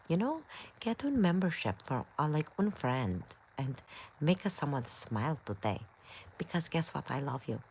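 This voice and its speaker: A woman's voice: low-pitched, sing-song, normal speed, a little mellow, slight background noise. A woman hosting a livestream, reading chat comments in a scattered, playful, chatty way.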